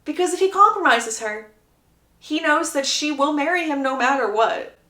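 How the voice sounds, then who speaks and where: Woman, casual book recap, high-pitched, chatty and animated, echoey room. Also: moderate pace. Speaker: book reviewer.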